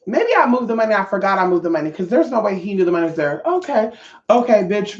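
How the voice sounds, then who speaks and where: Animated, foul-mouthed woman telling a story. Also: medium pitch, fast talker. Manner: animated, profane, talks straight to viewers. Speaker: vlogger. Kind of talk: casual storytime monologue. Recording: roomy, slightly dull audio.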